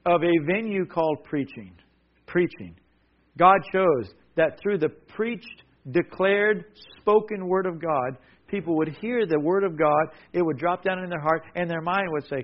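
A man's voice: sits high, dull audio. A male pastor preaching a sermon, repeating key words and leading the congregation in call-and-response. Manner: emphatic, repetitive, call-and-response.

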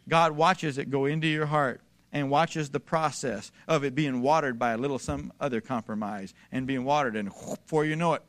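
A male pastor preaching with a bright, forceful edge to his somewhat high voice. He drives his points home emphatically and repeats them as he builds. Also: normal speed, few pauses. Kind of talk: sermon.

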